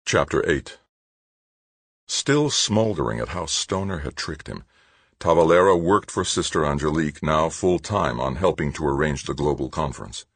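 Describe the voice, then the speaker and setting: A man narrating an audiobook in a steady, measured reading. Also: rumbling low, husky, dry recording. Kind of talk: scripted narration.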